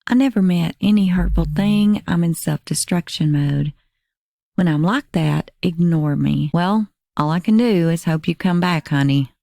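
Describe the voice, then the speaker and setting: Low, unhurried woman reading messages. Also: creaky, warm tone, dry recording, studio quality. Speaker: crime channel narrator. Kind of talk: reading text messages aloud.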